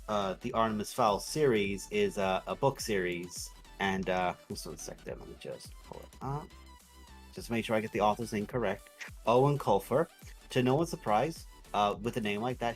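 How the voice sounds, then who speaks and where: A man streaming while he draws, chatting casually in rambling, sweary, animated rants. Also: on the low side.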